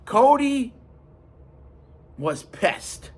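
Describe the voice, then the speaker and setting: Here is a man telling a story in a casual podcast, slow and deliberate. His voice is high for a man and swings widely as he stresses each point. He sounds emphatic and animated. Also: breathy edge. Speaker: podcast host.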